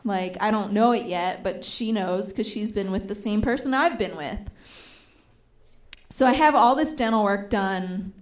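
A woman's voice: mid-range voice, measured pace. A young adult woman telling a stand-up comedy story, acting out the voices of the people in it, with audience laughter behind her. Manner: animated, acts out quoted voices.

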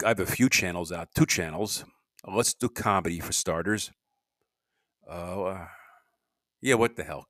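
A man talks alone on his podcast in a lowish voice, drifting from point to point and cutting himself off mid-sentence. His voice sits close and dry, with no room sound around it. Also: a bit bright, no room sound. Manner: rambling, restarts sentences, grumbling asides. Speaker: podcast host. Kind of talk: rambling solo podcast monologue.

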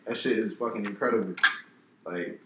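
A young man in a casual chat about comedy, giving relaxed, opinionated takes. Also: lowish voice, moderate pace, background noise. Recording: echoey room.

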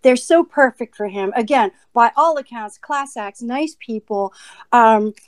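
High-voiced, chatty actress guest. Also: female voice, measured pace, no room sound, low-quality recording. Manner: animated, chatty, lots of "like". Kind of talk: casual podcast interview.

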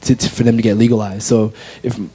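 A man's voice: on the low side, little pitch movement, fast, dark tone, a little hiss or hum. An American man in his twenties earnestly sharing a personal faith testimony as an interview guest. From United States. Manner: earnest, heartfelt storytelling.

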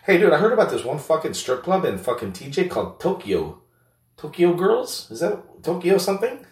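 A man's voice: fairly high pitch, sing-song, normal speed, voice pushed up. A man putting on a crude, teasing buddy's voice who mocks him and swears constantly, in a comedic self-dialogue. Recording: roomy echo, distant mic.

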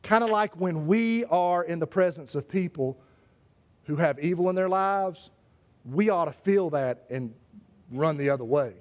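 A man's voice: on the high side, animated, unhurried, a little mellow. A man preaching a sermon as pastor, impassioned, repeating and restarting phrases as he drives his points home.

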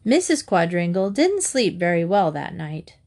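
A woman reading a children's chapter book aloud, narrating in a gentle, even way. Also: lowish voice, normal speed. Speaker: storyteller.

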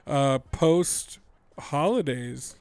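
A man's voice: on the high side, lively intonation, drawn-out words, darkish tone, clear, resonant tone, no room sound. A man co-hosting a podcast in casual chat, a bit nasally and under the weather, laid-back and profane. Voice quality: nasally from a cold. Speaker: podcast co-host.

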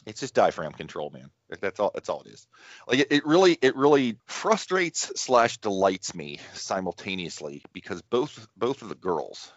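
A middle-aged man with a very low voice co-hosts a podcast and chats casually. He wanders through his stories, restarting and correcting himself as he goes. The dry, dull, lo-fi recording has no room sound. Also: big pitch swings, moderate pace, no echo. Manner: rambling, self-interrupting storyteller with many restarts. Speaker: podcast co-host. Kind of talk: casual chat.

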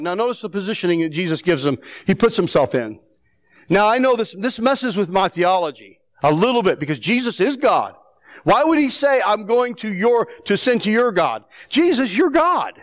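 A male pastor preaching a sermon in a conversational, animated way, asking rhetorical questions and acting out the people he quotes. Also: sits high, moderate pace. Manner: animated, acts out the quoted speakers.

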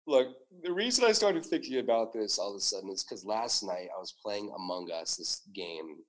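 Young dude cohosting a podcast, loose casual chat, curses a lot, voice jumps around a lot. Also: male voice, on the low side, moderate pace. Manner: animated, swears a lot, laughs often. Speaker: podcast co-host.

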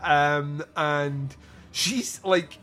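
A man's voice: on the high side, steady tone, pushed and bright. Sarcastic, laughing man. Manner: laughing, sarcastic, quick asides. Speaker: podcast host. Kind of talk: casual movie review chat.

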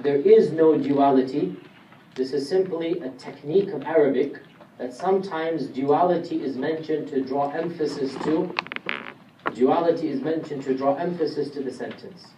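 A man's voice: medium pitch, warm tone, highs cut off, slight background noise. Man lecturing in an echoey room. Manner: explanatory, quizzes the audience with questions. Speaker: Islamic lecturer. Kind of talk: classroom Quran commentary lecture. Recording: roomy distant room recording, faint ambience.

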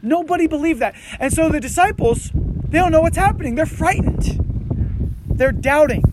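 High-voiced pastor preaching casually. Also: male voice, brisk, very noisy. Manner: conversational, animated preaching with frequent "you know" and "right". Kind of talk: sermon. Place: outdoors under tents on a windy morning.

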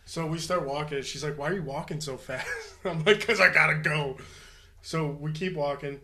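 A man's voice: on the high side, normal speed, a bit bright, a little hiss or hum. A man co-hosting a podcast, telling a crude story in casual chat, swearing freely and laughing as he goes. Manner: profane, laughing anecdote teller. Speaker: podcast co-host.

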